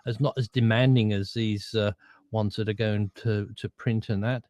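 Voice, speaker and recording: A man chatting casually, talking things through with quick restarts. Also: fairly low pitch, steady tone, darkish tone, no echo. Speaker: co-host, voiceover worker. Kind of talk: casual chat.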